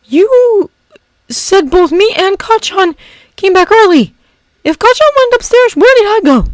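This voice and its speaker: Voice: big pitch swings, measured pace, dry recording, heavily acted, low-quality recording. Narrator putting on a frantic young hero boy. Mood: urgent. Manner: high-pitched, frantic, near tears.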